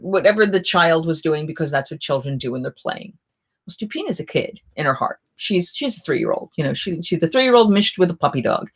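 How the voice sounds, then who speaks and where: Chatty middle-aged woman, lower voice. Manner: chatty, rambling, lots of restarts and fillers. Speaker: live chat host, festival performer. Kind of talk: casual live chat storytelling.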